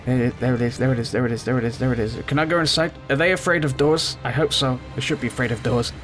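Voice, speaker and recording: Gaming host, man, mid-pitched, rambling and excitable as he plays, with soft music underneath. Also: fast. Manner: rambling, excitable, yells at the game. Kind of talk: let's play commentary.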